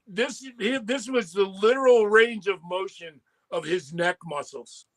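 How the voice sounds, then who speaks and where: A man co-hosting a casual talk show, telling a profane story with animated acted-out quotes. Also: high-pitched, unhurried, no room sound. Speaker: podcast co-host.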